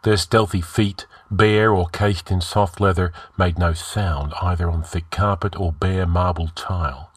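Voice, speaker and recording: A man reading a heroic fantasy story aloud in a measured, dramatic style. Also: low-pitched, fairly even intonation, breathy edge, no room sound. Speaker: story narrator.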